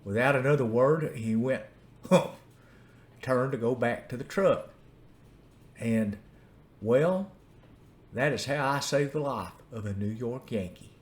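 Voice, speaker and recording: An older man with an Appalachian accent telling a folksy story in an unhurried, homespun way. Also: mid-range voice. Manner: folksy, drawn-out story delivery. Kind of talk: storytelling narration.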